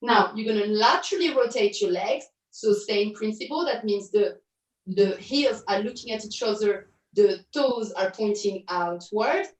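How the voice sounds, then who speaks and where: A woman teaches an online pilates class, cueing moves and counting reps in an upbeat way, with quick self-correcting asides. Her medium-pitched voice is expressive. The audio is roomy and picked up from a distance.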